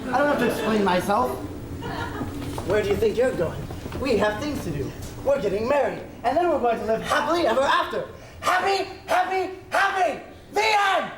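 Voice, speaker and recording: A man's voice: high voice, expressive, fairly quick, a crowd in the background. An actor on stage playing a frantic, jilted man who demands to be married now, theatrical and exasperated. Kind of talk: stage play acting. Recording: roomy stage sound from far off, music behind.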